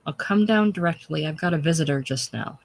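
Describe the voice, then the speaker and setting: A reader as a calm young clerk. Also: mid-range voice, fairly quick, gravelly. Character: cool-headed young male clerk.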